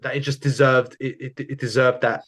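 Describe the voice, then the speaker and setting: A young man with a London accent, co-hosting a casual podcast chat and lively in how he tells things. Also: medium pitch, fairly quick. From London, England. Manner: animated, often acts out quoted voices. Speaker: podcast co-host.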